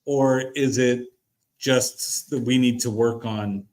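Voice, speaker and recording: A man hosting a sales show, chatting casually and agreeing readily, often trailing off softly. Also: mid-range voice, steady tone, slow pace. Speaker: show host. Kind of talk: casual chat.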